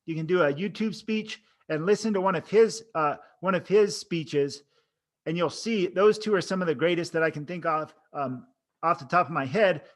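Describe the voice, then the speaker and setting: A man's voice: sits high, fairly bright tone. A man giving casual coaching talk to camera, demonstrating expressions and vocal tones as he teaches. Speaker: oral board coach. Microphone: camera framing, speaking to camera.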